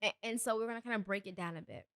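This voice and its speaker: A woman's voice: medium pitch, racing, no room sound, studio quality. A young adult woman hosting a solo podcast, talking earnestly and a bit preachy, with emphatic bursts. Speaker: podcast host. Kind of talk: solo motivational podcast talk.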